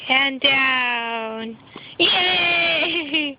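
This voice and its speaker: A woman's voice: high voice, expressive, drawn-out words, heavy background noise. A woman filming on a phone, coaxing and encouraging a toddler in sing-song baby talk. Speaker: parent or caregiver filming a toddler. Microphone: phone camera. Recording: dull lo-fi phone recording.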